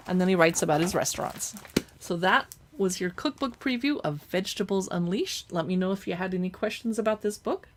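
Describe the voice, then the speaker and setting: A woman hosting a casual live cookbook look-through, chatty and reading recipe names aloud with quick reactions. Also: medium pitch. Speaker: cookbook reviewer livestreaming.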